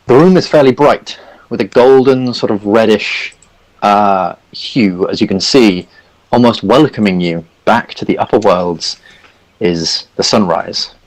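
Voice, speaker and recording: Rambling, low-voiced man as game master. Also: low-quality recording. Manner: rambling, many fillers like "sort of". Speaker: dungeon master. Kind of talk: narrating a tabletop game.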